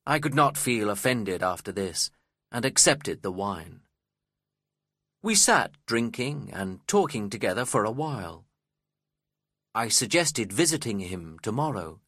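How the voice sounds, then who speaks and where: A man reading a novel aloud in the first person, in a measured, expressive storytelling manner. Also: lowish voice, slightly rough, no echo, clean studio sound. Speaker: audiobook narrator. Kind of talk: scripted first-person narration.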